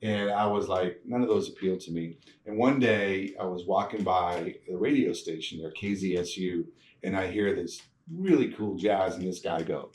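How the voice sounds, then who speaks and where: A man telling stories from his career in a casual interview, animated, laughing often and acting out the people he quotes. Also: fairly low pitch, normal speed. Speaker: guest, TV producer. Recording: echoey room, mic at a distance, faint noise.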